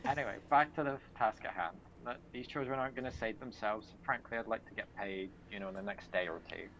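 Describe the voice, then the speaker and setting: A man's voice: lowish voice, fast, fairly bright tone, poor audio. Male player, wry casual delivery, light background noise. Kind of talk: casual tabletop play.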